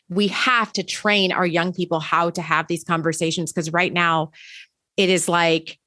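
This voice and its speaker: A woman's voice: on the low side, steady tone, unhurried, sharp tone, no echo. A woman who teaches college, answering in a podcast interview with earnest, emphatic storytelling.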